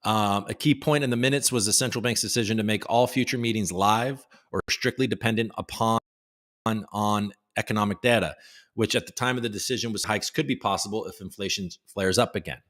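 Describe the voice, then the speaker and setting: A man's voice: fairly low pitch, brisk, a bit bright. Casual man hosting a news livestream. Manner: casual, reads headlines aloud with joking asides. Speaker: host.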